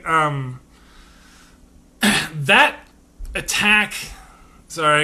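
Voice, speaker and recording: Bright-voiced man rambling through political commentary. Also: on the high side. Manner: rambling, with many fillers and restarts. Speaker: podcast host.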